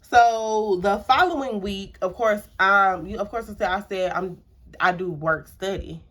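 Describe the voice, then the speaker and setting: A woman's voice: mid-range voice, a little slow, fairly bright tone. A young adult woman casually telling a personal story to camera, chatty, repeating herself and using many filler words. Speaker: storytime vlogger.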